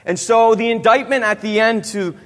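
A man's voice: sits high, moderate pace. A man in his thirties preaching a sermon, asking the audience questions and tagging many lines with "right?". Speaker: youth pastor. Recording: long hall reverb.

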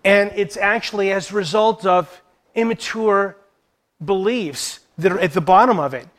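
Guy teaching a church leaders class, kinda high voice, earnest, keeps asking questions. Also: a bit bright. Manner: earnest, poses rhetorical questions. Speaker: Christian teacher.

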